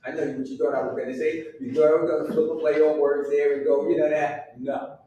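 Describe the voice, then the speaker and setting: A man in his sixties hosts a live show with self-mocking stand-up, hopping from aside to aside in a fairly high voice. The small room rings with heavy echo, and he sits well back from the mic over faint noise. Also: far from the mic. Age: 60s. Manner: chatty, self-mocking, jumps between asides. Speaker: host and stand-up comedian.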